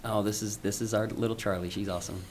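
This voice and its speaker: A man, a school principal, giving an informal, halting presentation at a school board meeting, with frequent ums and restarts. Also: on the low side, fairly even intonation, slight background noise.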